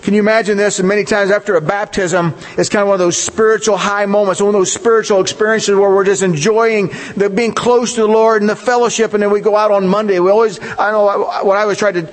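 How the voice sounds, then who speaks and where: This male pastor's voice sits high, and he talks fast with few pauses while a long reverb tail trails behind him. His sermon is conversational, full of questions for the listeners and heavy, animated stress on key points.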